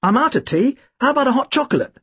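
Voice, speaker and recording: A man voicing a hapless, overeager young man, the narrator's big brother, who talks in a squeaky, flustered way. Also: sing-song, fast talker, fairly bright tone, husky, dry recording, full character voice. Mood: eager.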